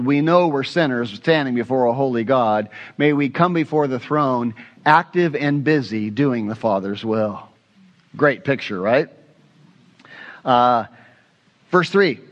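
A male pastor preaching a sermon with expressive delivery, asking the congregation questions and dropping into hushed, prayerful asides. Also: mid-range voice, a little slow, dull audio.

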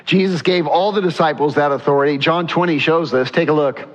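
A man's voice: on the high side, a little fast. Earnest preacher man in a reverberant hall. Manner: earnest preaching, reads scripture aloud, rhetorical questions. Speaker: pastor. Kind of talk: sermon. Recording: dull sound in a reverberant hall.

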